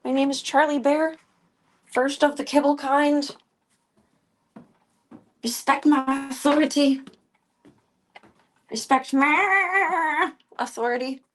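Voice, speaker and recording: A woman's voice: high voice, slow pace, long pauses, a bit bright, voice pushed up. A woman voicing a grumpy, bossy female house cat who speaks in a haughty, demanding way.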